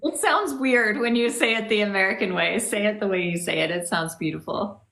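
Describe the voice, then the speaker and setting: A woman's voice: medium pitch, a little fast, gravelly, fairly bright tone. A married woman co-hosts a live stream in chatty, teasing talk, cheering on viewers. Her voice rings out in an echoey room. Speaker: co-host of a witchcraft live stream. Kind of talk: casual live-stream chat. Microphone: phone on a live stream.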